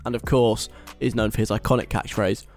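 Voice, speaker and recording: A man's voice: fairly low pitch, fairly even intonation, fairly quick, darkish tone, soft background music. A young British man hosting a radio show, reading a list aloud and mocking it in a chatty, wry way. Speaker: radio host. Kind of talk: casual radio talk.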